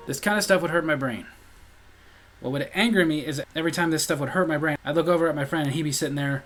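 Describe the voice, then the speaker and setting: A man's voice: on the high side, quick pace, fairly bright tone, faint music behind. An American man telling a comedic story from his life in a sardonic, exasperated way. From United States.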